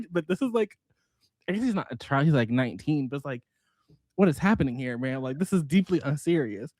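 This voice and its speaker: A man recapping a book in a casual vlog, telling it with animated, profane storytelling and quick bursts of quoted voices. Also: mid-range voice, no room sound, studio quality. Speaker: book vlogger.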